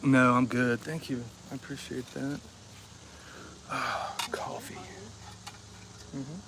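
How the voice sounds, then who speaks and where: A man's voice: mid-range voice, flat delivery, takes it slowly, very noisy. A man from Ohio hosting a casual livestream, chatting easygoing with viewers and chuckling often, sitting outside behind his house. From Ohio, USA. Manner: laid-back, chuckling often, easygoing and joking. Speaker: livestream host. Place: outdoors behind the house, with insects.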